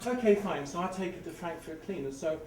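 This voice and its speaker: A middle-aged man with an English accent tells an animated story at a live story slam, growing louder as it builds. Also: high-pitched, a little fast. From England. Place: live event venue before an audience. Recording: roomy, distant, noisy live room.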